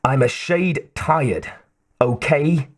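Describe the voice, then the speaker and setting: A man's voice: a little high, extremely slow. A man voicing a dazed male secret agent who talks in slurred, dry understatement.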